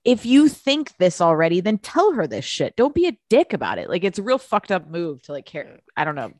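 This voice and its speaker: A woman's voice: on the low side, sing-song, brisk, a little mellow, dry recording, studio quality. A young adult woman co-hosting a casual podcast chat, opinionated and laughing often, with some swearing. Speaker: podcast co-host.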